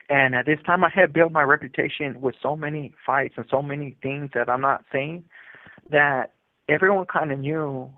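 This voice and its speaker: Over a prison phone call, a man tells his own story in a rambling, casual way, packed with fillers and quoted back-and-forth. His voice is a little high and the recording is dry.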